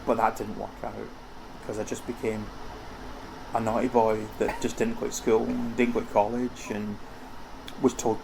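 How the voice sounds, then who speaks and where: A man's voice: on the low side, little pitch movement, normal speed, vocal fry, background noise. A middle-aged man, talking as an interview guest in a chatty, rambling way with many restarts. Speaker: interview guest, costume house owner. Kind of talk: casual conversational interview.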